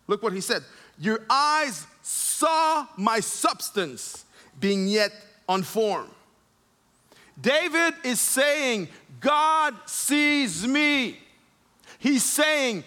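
A man preaching a sermon, emphatic and repeating phrases for effect, dropping to a soft low voice when he leads prayer.

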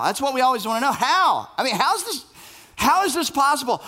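A man preaching a sermon as pastor, animated and playful, acting out the voices in the story. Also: very high voice, normal speed.

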